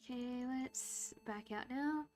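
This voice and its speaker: A woman's voice: on the high side, slow, darkish tone, soft background music. A young woman streamer casually talking through a game, hesitant and muttering to herself as she picks options. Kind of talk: casual gameplay commentary.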